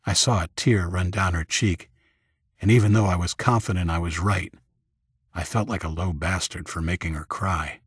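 A man narrating a first-person audiobook in a steady, even storytelling manner. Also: low voice, moderate pace, slightly rough, no room sound, studio quality.

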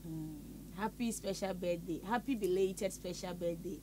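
A woman's voice: lowish voice, normal speed, background noise. A woman with a Ghanaian accent hosting an interview and teasing her guest. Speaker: host. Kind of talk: casual interview chat.

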